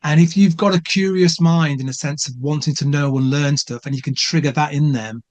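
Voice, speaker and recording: A man's voice: a little high, steady tone, brisk, a little mellow, lo-fi sound. A man co-hosting a podcast. He speaks with plain enthusiasm and often stumbles and repeats words as he gathers his thoughts. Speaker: podcast co-host. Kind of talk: casual chat.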